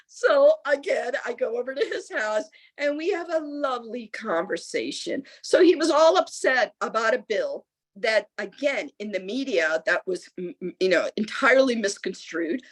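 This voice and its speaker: A middle-aged woman from the United States, a lieutenant governor speaking as a guest, telling a story with lively acted-out voices. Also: a little high, normal speed. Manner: animated storyteller acting out quoted voices. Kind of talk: storytelling answer at a public talk.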